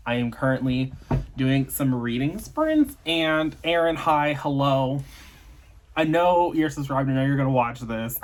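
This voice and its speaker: A man vlogging casually about a book he is reading, with sarcastic, chatty remarks and loose fillers. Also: mid-range voice. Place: in a vehicle on the way to work.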